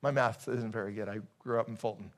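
A man's voice: fairly low pitch, steady tone, quick pace, slight background noise. A male pastor preaching a casual, joking sermon to his congregation, with many restarts.

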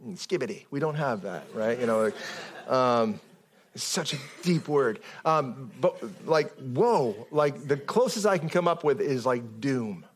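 Preaching at a measured pace, this male pastor sounds animated and conversational. He frequently breaks off and starts his sentences over, lifting his pitch to drive a point home.

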